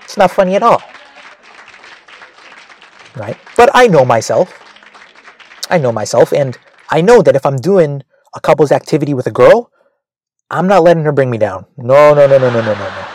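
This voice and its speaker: A man's voice: mid-range voice, lively intonation, normal speed, pauses often, a little mellow, a faint crowd. A male comedian telling a rambling, self-mocking story, with frequent "right?" asides.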